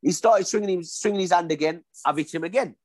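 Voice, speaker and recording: A man's voice: high voice, quick pace, dry recording. A man, a former boxer telling stories in a casual interview, acting out the dialogue as he goes. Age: 40s. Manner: animated storyteller, acts out dialogue.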